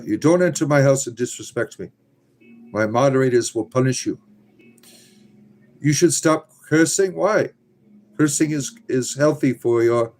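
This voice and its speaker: A man's voice: mid-range voice, a little mellow. A man hosting a livestream, reading and answering viewer comments bluntly and sarcastically, cursing freely. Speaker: livestream host reading chat. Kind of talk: casual livestream chat.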